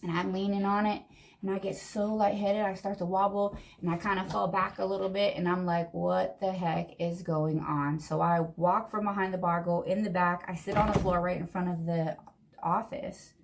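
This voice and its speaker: A young woman talks through her makeup routine and tells a story in a lively, chatty way. Her voice has a gravelly, creaky edge at mid pitch, and she tells the story like she is talking with a friend. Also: normal speed. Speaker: vlogger. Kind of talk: get-ready-with-me storytime.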